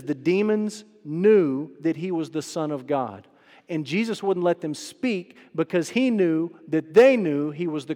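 A man delivers a sermon from a church worship center, his voice a touch higher than most. He animates the story, breaking into loud acted-out quotes. A long reverb trails his words around the large room. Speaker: pastor.

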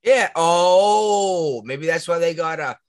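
A man with a Massachusetts accent co-hosting a podcast in casual chat, talking in an animated way that jumps high when he gets worked up. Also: takes it slowly, no echo, clean studio sound. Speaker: podcast co-host.

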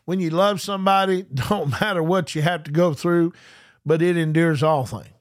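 A man preaches a live-streamed sermon. He slows right down to stress each line of scripture, then speaks casually, restarting sentences and repeating words. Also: a little high. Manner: slows down to read scripture with emphasis.

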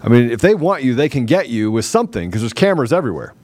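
A man hosting an interview show, animated and laughing as he tells a story from his own life. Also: mid-range voice, very fast. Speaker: show host. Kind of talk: casual interview chat.

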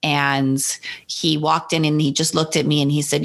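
A woman's voice: low-pitched, flat delivery, normal speed, gravelly. A woman from New Jersey, a guest and author, candidly and reflectively telling a personal story in an interview. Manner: reflective, candid, acts out her son's lines brightly.

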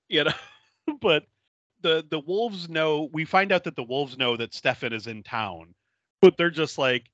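This co-host's voice is a touch high and relaxed in pace, captured without room sound and with the top frequencies cut. He chats through a movie recap, frequently cracking up and voicing the quoted lines with energy.

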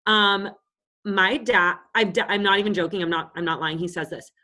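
A woman's voice: lowish voice, fairly even intonation, fast talker, sharp tone. A woman around thirty, co-hosting a podcast and telling stories in a casual, blunt and profane way. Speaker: podcast co-host. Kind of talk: casual chat.

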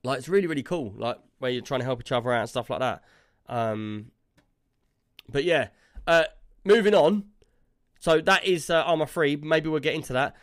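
A man's voice: medium pitch, brisk, fairly bright tone, dry recording, studio quality. A man, co-hosting a casual gaming podcast and telling a long, rambling story full of fillers. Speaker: podcast co-host.

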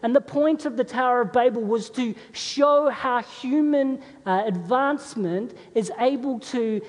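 A male pastor with a very high voice speaks unhurriedly, preaching to his church in a conversational, storytelling style and posing questions to the congregation. The large hall lends a long reverb.

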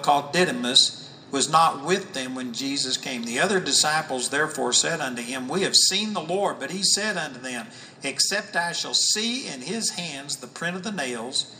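Bright-voiced earnest male Bible teacher. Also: a little high, far from the mic, slight background noise, low-quality recording. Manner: earnest, emphatic, reads scripture aloud. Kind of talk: teaching sermon.

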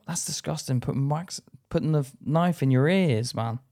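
A man's voice: a little high, dark tone. British man joking on a podcast. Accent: British English. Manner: joking, laughs often, reads aloud haltingly. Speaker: podcast co-host. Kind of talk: casual chat.

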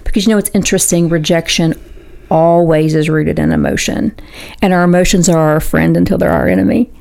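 A woman's voice: fairly low pitch, steady tone, fairly quick, gravelly, darkish tone. A woman hosting a faith radio talk show, earnestly retelling a story with many fillers and restarts. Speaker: host.

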